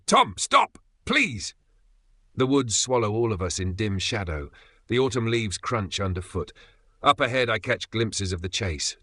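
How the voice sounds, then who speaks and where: A man's voice: on the low side, fairly bright tone, no room sound. A man giving tense, dramatic first-person narration of a thriller story. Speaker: narrator voicing the father.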